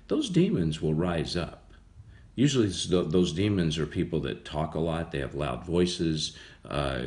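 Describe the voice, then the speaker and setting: A man giving a casual Bible study sermon, talking conversationally and repeating phrases for emphasis. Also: deep voice. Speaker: preacher.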